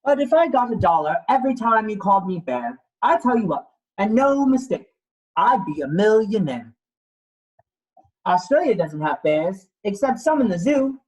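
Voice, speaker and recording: A man's voice: sits high, very animated, moderate pace, darkish tone, voice pushed up, poor audio. A man voicing an exasperated koala who is fed up at being called a bear, ranting in rhyme with casual slang. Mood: indignant. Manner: indignant rhyming rant with casual slang.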